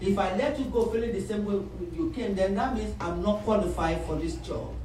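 A woman's voice: mid-range voice, a little fast, far from the mic, a little hiss or hum. Fiery woman preacher in an echoey hall. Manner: emphatic, rising to shouts, call-and-response. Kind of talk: sermon.

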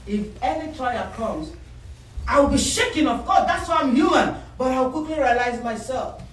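A middle-aged woman preaching a sermon, emphatic and building to shouts, calling for responses from the congregation. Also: high voice, expressive, normal speed. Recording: echoey hall, voice from far off.

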